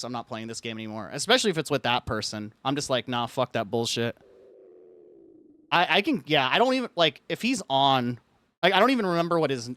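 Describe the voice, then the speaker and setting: A male live streamer who rambles through a story in casual chat, packing nearly every phrase with "like." His voice sits a little high for a man. It is recorded dry and close, with no room echo. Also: a bit bright. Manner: rambling, says "like" constantly; frustrated ranting.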